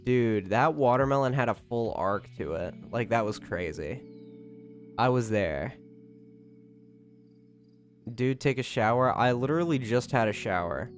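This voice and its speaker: A young man chats loosely with his live-stream viewers. He runs through greetings, then jumps up louder to thank a supporter. Faint music plays under his mid-pitched voice. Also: measured pace, long pauses. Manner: greets chat members by name, bursts of loud excited thanks. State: recovering from a cold. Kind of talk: casual live-stream chat.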